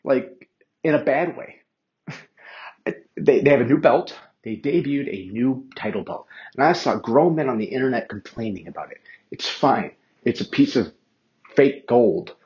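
A man talking alone into the mic as host of a casual sports podcast. He rambles, circles back and swears often. His pitch sits mid-range for a man, and he mocks his own slips as he talks. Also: expressive, moderate pace, a little mellow, a little hiss or hum, low-quality recording. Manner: rambling, profane and self-mocking; chatty, with many fillers and restarts. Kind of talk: casual solo commentary.

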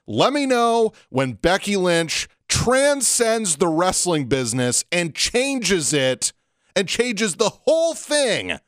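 A man co-hosting a wrestling podcast, ranting emphatically and slowing down to hammer his points home. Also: high voice, a bit bright, no room sound, clean studio sound. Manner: emphatic, slows down to stress points. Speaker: podcast co-host. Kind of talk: casual wrestling podcast rant.

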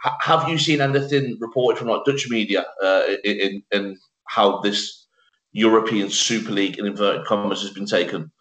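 A man's voice: on the low side, normal speed, fairly bright tone, reverberant, low-quality recording. A man hosting a football podcast, agreeing with his guests and asking them long, rambling questions. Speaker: podcast host. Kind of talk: casual podcast discussion.

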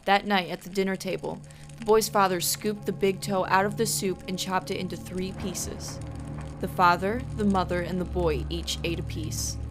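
A woman co-hosting a podcast, reading a scary campfire story aloud with slow, drawn-out spooky delivery. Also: on the low side. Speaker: podcast co-host.

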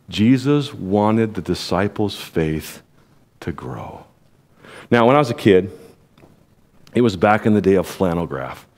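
A male pastor with a lowish voice and a darkish tone preaches a sermon conversationally, addressing the congregation directly. He makes direct appeals and brings in quoted voices as he speaks.

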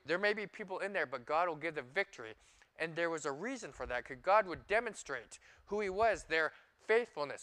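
A man's voice: on the high side, sharp tone, slight background noise, rough recording. A man preaching a sermon in a conversational way, talking to his congregation. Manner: conversational, asks the congregation questions. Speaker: pastor.

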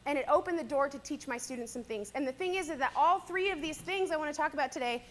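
Young woman teacher, high voice, bright tone, giving a chatty church talk. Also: fast talker. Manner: chatty, animated storyteller. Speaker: teacher speaking to a church audience. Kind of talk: personal sermon-style talk.

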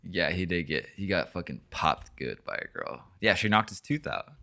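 A man's voice: deep voice, big pitch swings, normal speed, creaky, sharp tone. A young man hosting a podcast, telling a story in a rambling, casual way with lots of swearing and filler words. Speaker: podcast host.

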